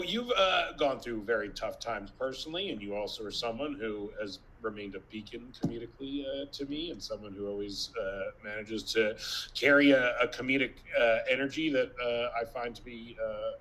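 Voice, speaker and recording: A man's voice: medium pitch, fairly bright tone, a little hiss or hum, rough recording. Man hosting a panel over video, mid voice, stumbles and repeats words, lots of uhs. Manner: halting, repeats words and fills with "uh". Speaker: panel moderator.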